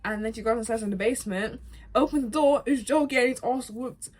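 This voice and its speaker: Speaking fairly quickly in a voice on the high side, this vlogger chats her way through a video game's story. She's emotional and lively, laughing a lot and addressing viewers as guys and bro.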